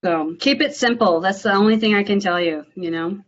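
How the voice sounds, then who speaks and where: A mid-pitched woman from Nashville talks shop as a real estate agent, loose and full of fillers. The sound is a little muffled and lo-fi. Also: brisk. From Nashville, USA. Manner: chatty, filler-heavy, bright and upbeat on calls. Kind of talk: live prospecting calls and Q&A. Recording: muffled lo-fi audio.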